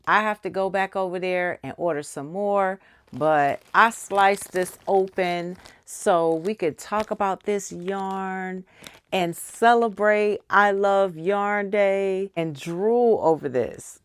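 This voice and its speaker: A woman's voice: mid-range voice, takes it slowly, clear, resonant tone. A woman crochet vlogger unboxing yarn, gushing with gasps and squeals. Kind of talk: unboxing vlog.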